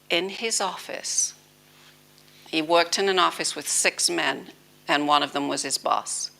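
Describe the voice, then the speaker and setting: A British woman giving an informal spiritual talk as a teacher, telling lively stories and acting out bits of dialogue. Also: low-pitched, gravelly. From Britain.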